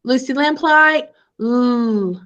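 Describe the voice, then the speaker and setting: A woman teaching a live online phonics lesson to young children over a video call, sounding out letters in a slow sing-song way. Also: a little high, fairly bright tone, dull audio.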